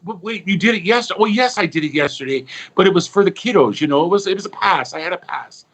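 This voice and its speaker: A man's voice: lively intonation, fast, a bit bright, slightly rough, heavily acted. Man doing a sweet old nun. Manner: high and sweet, cheerful. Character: sweet old Irish nun, female, cheerful.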